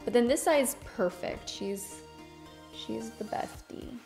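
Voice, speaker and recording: Faint music plays behind this young woman's fairly high, slow, creaky and slightly mellow voice. She's a Hispanic beauty YouTuber without an accent, cheerfully talking viewers through a makeup tutorial.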